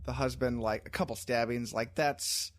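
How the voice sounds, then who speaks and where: A man's voice: mid-range voice, steady tone, moderate pace, a little hiss or hum. Hesitant man chiming in on a podcast. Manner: hesitant, stammering restarts. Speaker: podcast co-host. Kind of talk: casual chat.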